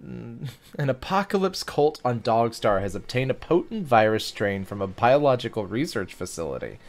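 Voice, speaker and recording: A man's voice: mid-range voice, big pitch swings, moderate pace, vocal fry. A man hosting a casual gaming video, chatting and reading game text aloud as he plays. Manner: chatty, reacts aloud and sings snatches of songs.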